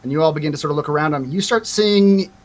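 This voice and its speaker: Higher-voiced man narrating a tabletop game. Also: fast, darkish tone. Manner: hesitant, with frequent fillers. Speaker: game master.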